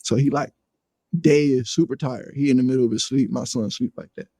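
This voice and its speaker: A man, a guest on a casual podcast, tells an animated story in profane slang and acts out other people's voices. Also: medium pitch, brisk, vocal fry, no room sound.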